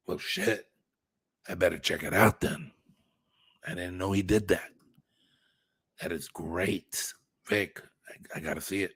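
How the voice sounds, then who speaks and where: A man's voice: deep voice, steady tone, takes it slowly, creaky, pauses often, fairly bright tone, slightly rough, no room sound. A man hosting a casual livestream, chatting with viewers in a rambling way, swearing now and then and thinking aloud. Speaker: channel host reading live chat.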